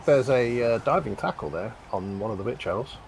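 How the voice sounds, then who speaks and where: A man's voice: medium pitch, lively intonation, normal speed, creaky, a little hiss or hum. A man commentating a video game match in casual style, with joking, self-deprecating banter and the odd swear.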